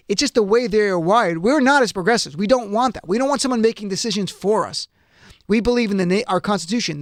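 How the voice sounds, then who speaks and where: A man's voice: high-pitched, fairly bright tone, no echo, studio quality. A man hosting a political talk radio show, delivering an indignant monologue that rises to outraged rants.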